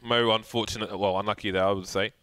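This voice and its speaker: A man casting a live esports match, with excitable, jokey play-by-play. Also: fairly low pitch, fast, slight background noise. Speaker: esports caster.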